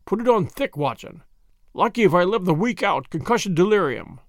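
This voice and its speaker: A man voicing an injured, weakened male detective who mutters hoarsely, calm and scheming. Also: high-pitched, fairly quick, no room sound, studio quality. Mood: weak, wry.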